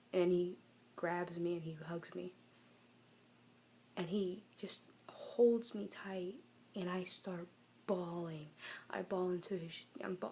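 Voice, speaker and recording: A young woman telling a personal story to the camera in a soft, halting, emotional way. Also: lowish voice, a little hiss or hum. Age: young adult. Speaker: vlogger.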